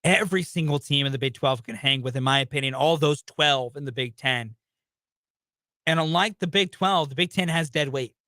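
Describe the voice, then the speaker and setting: A man's voice: fairly high pitch, normal speed, pushed and bright, no echo, studio quality. A young man hosting a sports talk radio show, ranting emphatically about college basketball.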